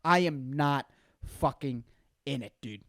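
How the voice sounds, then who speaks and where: A man's voice: mid-range voice, slow pace, no room sound. A man in his twenties hosting a solo comedy podcast, rambling and swearing constantly, peppering his talk with "dude" and "man". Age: 20s. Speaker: podcast host.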